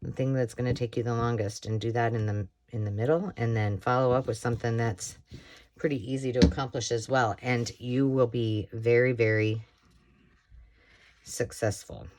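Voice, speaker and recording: A middle-aged American woman with a slightly hoarse voice, chatting casually while making a craft project. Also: a bass voice, fairly even intonation, normal speed, darkish tone, slight background noise. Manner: chatty, rambling, self-talk while working. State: slightly hoarse, frog in throat. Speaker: crafting tutorial host. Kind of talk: casual craft tutorial chat.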